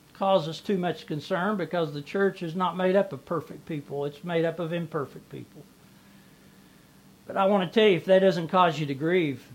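A man preaching a sermon as pastor, repeating phrases and swelling and dropping in volume. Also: high-pitched.

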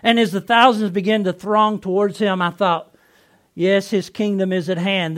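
A man playing excitable fisherman Peter, high-voiced. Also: natural voice. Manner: earnest, excitable storyteller. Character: Simon Peter, impulsive adult fisherman apostle. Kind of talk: first-person dramatic monologue.

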